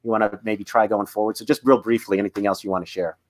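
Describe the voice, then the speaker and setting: A man's voice: on the low side, flat delivery, quick pace. A man moderating a panel discussion, asking questions in a friendly, conversational way.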